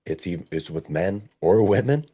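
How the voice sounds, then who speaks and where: A man's voice: low-pitched, expressive, normal speed, dark tone, husky. A man hosting a conversation, reflecting thoughtfully and searching for his words.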